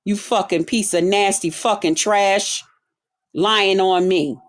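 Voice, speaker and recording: Her medium-pitched voice is slow and steady in tone, yet this streamer is furious with her viewers. In a heated livestream rant, she curses, confronts them, and stretches words out to hammer her point home.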